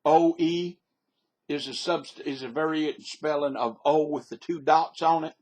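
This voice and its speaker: A man's voice: on the high side, moderate pace. A man with an American Southern accent, rambling folksily through a casual monologue into a webcam microphone. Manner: folksy and rambling, with repeated catchphrases. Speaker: vlogger.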